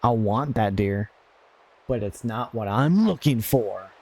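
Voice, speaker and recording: A man's voice: fairly low pitch, slow pace, darkish tone. A man hosting a gaming podcast, giving rambling casual commentary over gameplay with absurd jokes, frequent laughter and muttered asides at the game.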